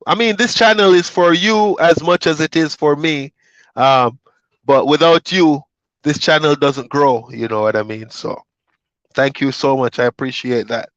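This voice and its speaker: Trucker vlogger, a man from Jamaica, fairly high voice, easygoing rambling chat, dry dull recording. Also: measured pace, no room sound. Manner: relaxed, rambling storytelling with fillers. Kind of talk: casual chat to viewers.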